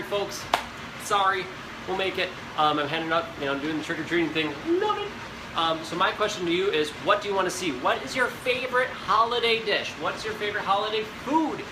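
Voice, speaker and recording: A young man chats his way through a live cooking stream, rambling and talking right to the viewers in a voice a little higher than most men's. He is recorded in an echoey home kitchen, with a fan humming clearly behind him. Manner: chatty, rambling, talks straight to viewers. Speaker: host of a live cooking show. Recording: echoey kitchen with background noise. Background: fan noise.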